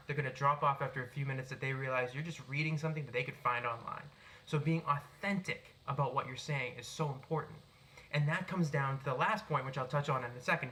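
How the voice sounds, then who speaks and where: Young Boston guy, mostly neutral accent, bright projected voice, unscripted phone video at home. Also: mid-range voice, a little fast, slight background noise. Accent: neutral American, Boston traces. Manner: projected, animated delivery. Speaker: self-help speaker. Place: his apartment. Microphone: cell phone, no microphone.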